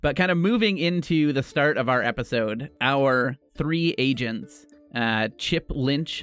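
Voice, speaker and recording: A man hosting a tabletop game podcast, recapping the scenario in an easygoing, clear way. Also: mid-range voice, a bit bright. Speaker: game master and host. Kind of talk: podcast hosting and scene narration.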